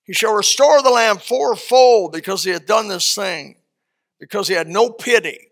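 A man voicing a furious ancient king who proclaims a death sentence in loud, slow, archaic speech. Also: high-pitched, pitched above the performer's own voice. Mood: enraged.

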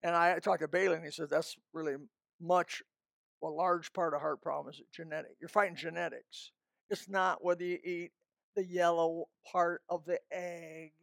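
A man's voice: fairly high pitch, steady tone, moderate pace, gravelly, fairly bright tone, no echo, studio quality. An older man preaching a folksy, emphatic sermon, breaking into snatches of hymns.

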